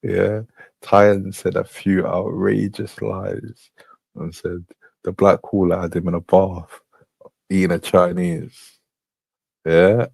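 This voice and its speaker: A man's voice: sits low, flat delivery, takes it slowly, vocal fry, pauses often, a little mellow, breathy edge, dry recording. A young man hosting a show, commenting on clips with frequent laughter and mockery. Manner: laughing, mocking. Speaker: host.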